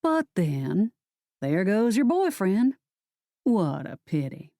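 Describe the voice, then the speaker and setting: Woman doing a smug male sorcerer villain, low and mocking, very slow, mellow, dry audiobook read. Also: very animated, no room sound.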